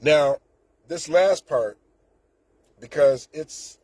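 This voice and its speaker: A man's voice: a little high, drawn-out words, darkish tone, husky, dry recording. A man, ranting indignantly and sarcastically as a political commentator, with frequent restarts. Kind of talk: casual political rant.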